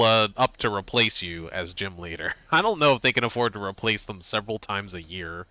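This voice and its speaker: A man streaming a video game, chatting casually, laughing often and reacting quickly, close on a desk mic. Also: fairly low pitch, animated, pushed and bright, clear, resonant tone, no room sound, highs cut off. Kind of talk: casual gaming commentary.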